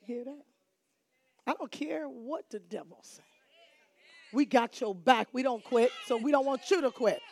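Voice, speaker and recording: A woman pastor leads a sermon in call-and-response fashion, repeating phrases to emphasize them and shifting between hushed delivery and shouts. She speaks in a high voice at a measured pace, pausing often.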